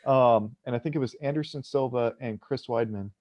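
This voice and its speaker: A man with a medium-pitched voice chats casually on a podcast. He tells anecdotes in a relaxed, amused way. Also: moderate pace. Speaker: podcast guest. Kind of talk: casual chat.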